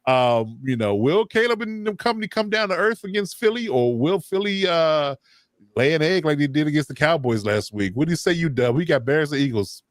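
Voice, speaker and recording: A man's voice: on the high side, expressive, brisk, no room sound, clean studio sound. Easygoing man hosting a sports podcast. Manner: upbeat, steers the round of picks, many fillers. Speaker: host of a sports talk show. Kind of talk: casual sports chat.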